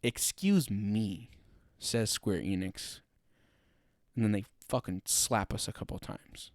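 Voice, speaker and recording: A man's voice: on the low side, fairly even intonation, measured pace, no room sound, studio quality. A young man hosting a solo podcast, ranting loosely and profanely with laughing asides. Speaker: podcast host.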